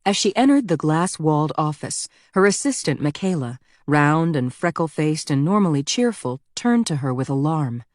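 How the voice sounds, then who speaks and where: A woman narrating a thriller audiobook in a measured, even storytelling delivery on a close mic. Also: sits low, no room sound.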